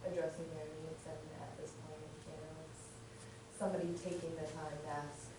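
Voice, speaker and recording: A reflective participant in a workplace discussion speaks in a flat, level tone. They are far from the mic, so the voice sounds distant in a very reverberant room. A clear low rumble runs underneath. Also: moderate pace. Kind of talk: casual discussion.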